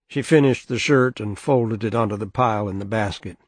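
A man reads a novel aloud in a measured, even manner, with a husky voice. The recording is dry and close, with no room sound. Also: fairly low pitch, no echo. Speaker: audiobook narrator. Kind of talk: scripted narration.

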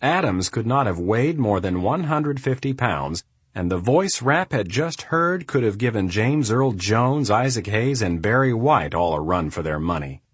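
A man narrating a thriller audiobook in a steady, measured storytelling manner. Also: lowish voice, husky, no echo. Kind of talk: scripted narration.

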